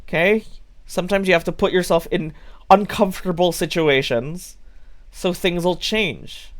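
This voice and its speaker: A man's voice: sits high, moderate pace. Blunt, scolding male streamer. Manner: blunt, scolding, swears freely. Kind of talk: live-stream talk to chat.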